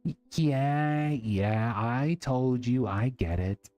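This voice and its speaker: A man voicing a breezy young waitress in a game, in a high chirpy voice. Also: takes it slowly, mellow, no echo, faint music behind, lightly acted.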